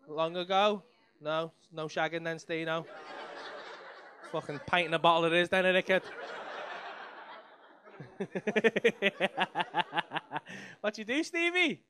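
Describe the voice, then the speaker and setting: A man's voice: high voice, lively intonation, slow, pauses often, pushed and bright. A young man doing sweary, teasing crowd work on a comedy club stage. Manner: sweary, teasing banter with the audience. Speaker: stand-up comedian.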